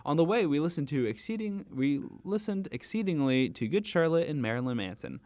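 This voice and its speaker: A man's voice: on the high side, sing-song, a little fast, a little mellow, no echo. A young man hosting a comedy read-through of fan fiction, giggling and stumbling over names with chatty asides. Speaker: host reading fan fiction aloud.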